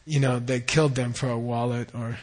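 A middle-aged man gives a dharma teaching in a relaxed, explanatory way. He repeats key words and keeps checking that listeners follow. His voice sits at an average pitch for a man. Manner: explains terms slowly, repeats words, asks "okay?". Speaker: Buddhist teacher.

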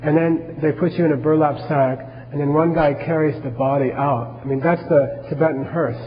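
A man's voice: fairly high pitch, fairly even intonation, moderate pace, in a large hall, highs cut off. A man teaching a class on Buddhism, talking casually and asking his listeners questions as he goes.

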